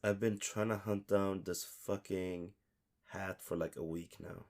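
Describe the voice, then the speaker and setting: Low-voiced laughing podcast co-host man. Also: steady tone, measured pace, a little mellow. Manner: laughs often, swears casually. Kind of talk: casual chat and reading a story aloud.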